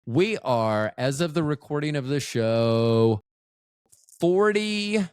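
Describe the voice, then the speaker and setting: A man's voice: on the high side, lively intonation, slow, darkish tone, clean tone, no echo, studio quality. A middle-aged man recovering from a stroke, hosting a podcast in a rambling, profane, self-interrupting monologue that often loses its thread. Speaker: podcast host.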